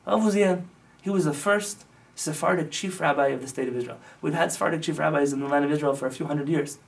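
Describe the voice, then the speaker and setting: Male rabbi, sermon, impassioned storytelling, slightly high voice, distant mic. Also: fairly bright tone. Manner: impassioned storytelling that swells into emphatic lists. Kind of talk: sermon-like teaching with stories.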